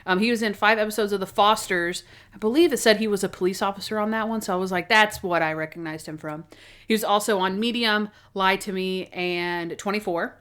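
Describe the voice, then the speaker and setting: A woman's voice: medium pitch, fairly even intonation, a bit bright, clean tone. Chatty woman podcast co-host. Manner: chatty, rambling recap with quick asides. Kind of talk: casual chat.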